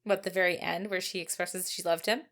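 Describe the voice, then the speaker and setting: A woman co-hosting a true-crime podcast, telling the case in a steady, storytelling way and answering her co-host calmly. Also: fairly low pitch, fairly quick. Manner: steady storytelling, calm and supportive. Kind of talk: true-crime narration and chat.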